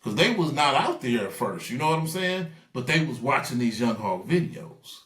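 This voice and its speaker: A man telling stories in a casual interview, animated and acting out the voices of people he quotes. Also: mid-range voice, moderate pace, reverberant. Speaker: guest.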